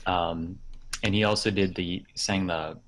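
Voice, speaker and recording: A man with a low, slightly husky voice co-hosts a gaming podcast. He rambles loosely, full of fillers. His tone stays easygoing and conversational. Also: fairly even intonation, measured pace, fairly bright tone. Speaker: podcast co-host. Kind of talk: casual chat.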